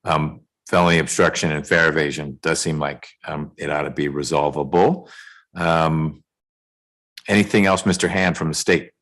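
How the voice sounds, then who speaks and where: A man presiding as judge over a remote court calendar hearing, speaking in a measured way with dry jokes, over a video call. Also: a bass voice, fairly even intonation, a bit bright, rough recording.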